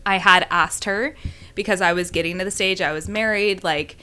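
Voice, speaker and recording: A woman's voice: mid-range voice, moderate pace, pushed and bright, clear, resonant tone. A young adult woman hosting a podcast, asking loose, rambling questions and chatting casually with a lot of "like" fillers. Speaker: podcast host. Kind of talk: casual chat.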